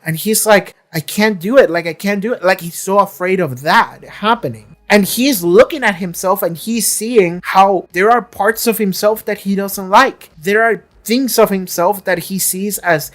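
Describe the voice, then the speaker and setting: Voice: mid-range voice, a little slow, few pauses, fairly bright tone. A reaction video creator in casual commentary, chatty and swearing freely, now and then acting out characters' lines.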